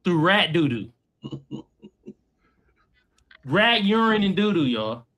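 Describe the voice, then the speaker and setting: A man on a panel in casual banter, loud, slangy, joking and profane. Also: high voice, big pitch swings, slow.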